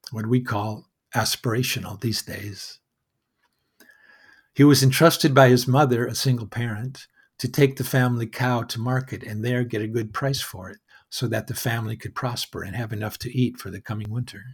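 Male storyteller, husky, measured wry narration, mid-range voice. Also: medium pitch.

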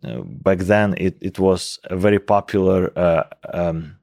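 A man's voice: low-pitched, animated, measured pace, creaky, a little mellow, dry recording, studio quality. A man in his forties from Russia with a thick Russian accent, a scientist talking in an interview with many fillers and restarts. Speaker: guest scientist. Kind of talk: casual interview conversation.

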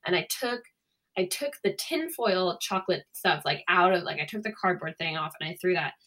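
A woman's voice: lowish voice, moderate pace. A young woman co-hosting a podcast in casual chat, telling a story and acting out the quotes. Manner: animated storytelling, acts out quotes. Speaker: podcast co-host.

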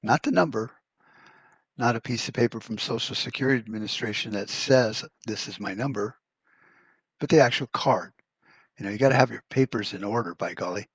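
Blunt, husky-voiced man ranting. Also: medium pitch, a little fast, dry recording. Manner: blunt, profane, rambling with restarts. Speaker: podcast host. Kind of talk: casual rant podcast.

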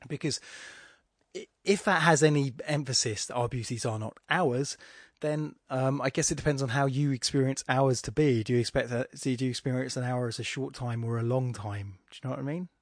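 Guy talking solo on his podcast, meanders a lot, jokes at himself, normal pitch, dry room. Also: steady tone, fairly quick, no echo. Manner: rambling, self-deprecating, many restarts and asides. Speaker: podcast host. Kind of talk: casual solo podcast talk on poetry and philosophy.

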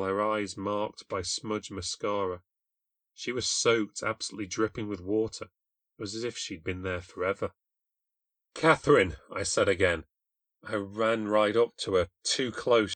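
A man with a low voice tells a first-person ghost story in a dry, close recording. His narration is blunt, sardonic and self-mocking. It sounds steady and scripted. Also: no echo. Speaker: storyteller and podcast host.

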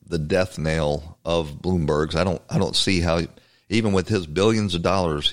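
A man with a low, deep voice delivers a talk-show monologue. He is emphatic and conversational, often repeating words as he restarts a thought. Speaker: podcast host. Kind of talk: political commentary monologue.

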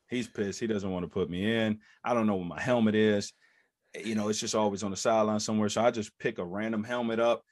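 This former NFL running back, in his thirties, speaks on the low side at normal speed as a podcast guest. He's a lively storyteller who performs others' lines in raised voices, recorded dry with clean studio sound.

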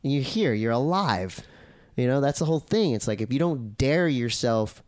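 Smooth-voiced man, animated podcast guest. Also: medium pitch, normal speed, no room sound, studio quality. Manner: animated, acts out his own quoted thoughts. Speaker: podcast guest, surf commentator and editor. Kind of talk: casual podcast conversation.

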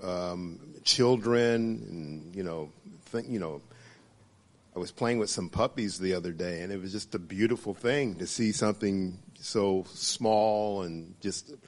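A man sharing reflections in a church group, halting with many pauses and fillers. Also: low voice. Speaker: church small-group member.

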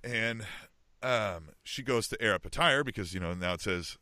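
Animated middle-aged man telling a story. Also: on the low side, moderate pace, dry recording, clean studio sound. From Kansas City area. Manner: animated, frequent "you know what I mean" and "right?". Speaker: podcast co-host. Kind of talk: casual storytelling chat.

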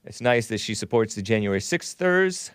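A man's voice: fairly low pitch, big pitch swings, moderate pace, clean tone, no echo. Man, talk show host, sardonic, reading viewer messages, resonant voice, dry close sound. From Southern California. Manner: sardonic, wry asides with chuckles.

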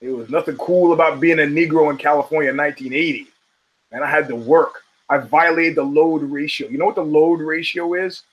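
On a rough recording, a fairly high-pitched, steady-toned man speaks briskly as he hosts his podcast. He's an American in his fifties, emphatically ranting about fight results, cursing a lot and veering into rambling asides.

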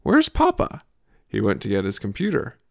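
A man voicing an excitable little boy toddler who squeals in babyish broken grammar. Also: fairly low pitch, normal speed, gravelly, heavily acted. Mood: delighted.

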